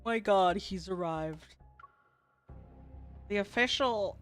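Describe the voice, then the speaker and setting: A young woman streams a story game, reading the narration aloud in a slow, unhurried voice. She reacts with blunt sarcasm and frequent swearing. Faint game music plays under her. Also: mid-range voice. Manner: blunt, sarcastic, swears freely at the game's choices.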